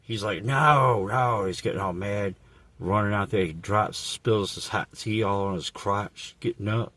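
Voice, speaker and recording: A man telling a rambling, crude comedic story in a deadpan, profane way. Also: fairly low pitch, normal speed. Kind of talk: absurd improvised comedic monologue.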